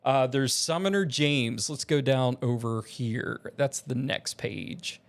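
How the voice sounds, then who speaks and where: A man's voice: mid-range voice, slow, creaky. A man talking in a casual vlog as an aspiring voice actor, rambling and self-deprecating with many restarts.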